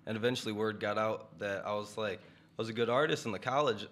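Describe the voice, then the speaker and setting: A man's voice: on the low side, a little fast, fairly bright tone. A young man, a musician guest, chatting in a laid-back, slangy way and laughing easily. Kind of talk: casual interview chat.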